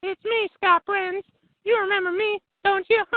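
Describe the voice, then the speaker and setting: A performer voicing a shrill, boastful young left-wing brawler who keeps interrupting with a very high-pitched voice. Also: fairly even intonation, no echo. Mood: shouting, boastful. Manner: interrupts with rapid repeated shouted "no" and "shut up". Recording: tinny phone-line call.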